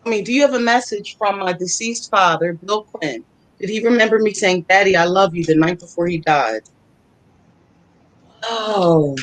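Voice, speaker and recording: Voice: medium pitch, moderate pace, a bit bright, dry recording, poor audio. Chatty psychic co-host, mid-range voice, laughs easily while passing on spirit messages. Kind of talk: casual live psychic reading.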